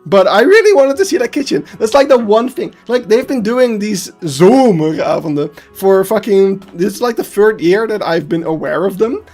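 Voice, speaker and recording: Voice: mid-range voice, expressive, normal speed, hardly any pauses, a little mellow. Swearing streamer ranting. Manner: heated ranting, swears freely, laughs at self. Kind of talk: casual live-stream chat. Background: faint background music.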